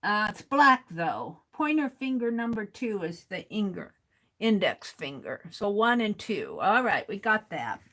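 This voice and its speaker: A woman hosting a casual livestream, reading viewer comments aloud, chuckling often and thinking out loud. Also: medium pitch, very animated, unhurried, poor audio. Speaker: livestream host.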